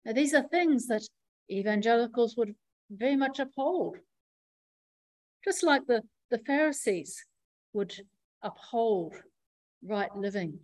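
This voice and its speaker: A woman preacher giving a sermon in a measured, reflective teaching manner, pausing often as she explains. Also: fairly high pitch, lively intonation, darkish tone, no echo, rough recording.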